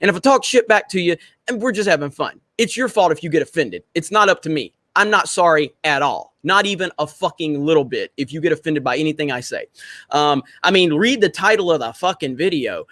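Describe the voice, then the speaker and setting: Man, live stream host, brash, swears a lot, high voice, dry sound. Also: lively intonation, brisk, a bit bright, dry recording. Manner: brash, profane, banter with the chat. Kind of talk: casual live stream chat.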